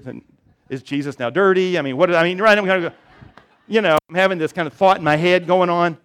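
A man's voice: high-pitched, quick pace, fairly bright tone, smooth. A man preaching a sermon, telling funny personal stories and building to emphatic appeals. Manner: storytelling, self-deprecating humor, rising emphatic appeals. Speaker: pastor.

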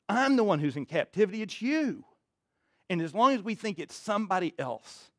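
A man preaching a sermon in church, reading scripture and commenting in an emphatic, conversational way, dropping low and quiet to stress a point. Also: no room sound, studio quality. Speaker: pastor.

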